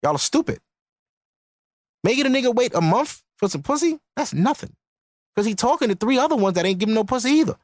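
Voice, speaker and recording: Blunt, animated podcast rant from a man. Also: extremely high pitch, fast talker, long pauses, dry recording, studio quality. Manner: blunt, profane, lecturing. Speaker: podcast host.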